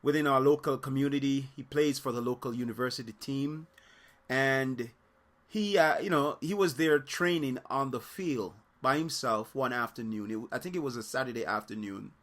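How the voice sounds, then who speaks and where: Bright-voiced man telling a story. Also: medium pitch, moderate pace. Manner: animated, rambling, with many fillers and quoted voices. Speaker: soccer coach and channel host. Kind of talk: casual storytelling to camera.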